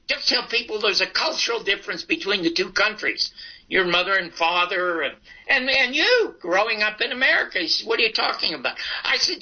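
A man's voice: high voice, pushed and bright. Elderly man spinning a long anecdote. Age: 80s. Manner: raconteur, acts out both sides of dialogues. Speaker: guest comedian and talk show host. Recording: dull lo-fi broadcast audio.

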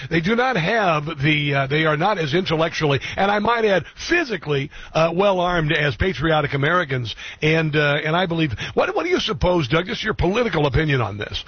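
A man's voice: on the high side, sing-song, a little fast, hardly any pauses, slightly rough, no room sound. A man hosting a political talk radio show, indignant and emphatic, firing off rhetorical questions. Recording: dull lo-fi radio sound, dry.

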